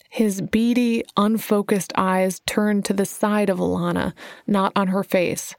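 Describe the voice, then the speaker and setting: A woman's voice: mid-range voice, flat delivery, measured pace, creaky, a little mellow, no room sound, clean studio sound. A woman reading a story aloud and voicing each of its characters herself. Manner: reads every character herself. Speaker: audiobook narrator. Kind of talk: scripted narration.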